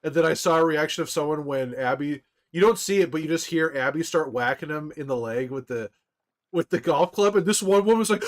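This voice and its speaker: A man livestreaming casually to his viewers, rambling excitedly with frequent restarts and laughs. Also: on the high side, moderate pace. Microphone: desktop microphone.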